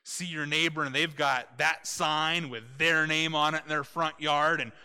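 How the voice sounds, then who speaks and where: A man preaching a conversational sermon, retelling a story with animated delivery and asking his listeners rhetorical questions. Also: fairly high pitch, measured pace, clear, resonant tone.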